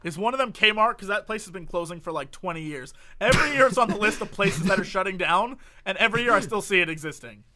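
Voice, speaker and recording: A man's voice: high-pitched, fast, hardly any pauses, crowd noise. A man co-hosting a podcast, chatting casually and joking, laughing often. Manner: jokey, animated, laughs often. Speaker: podcast co-host. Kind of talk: casual comedic chat.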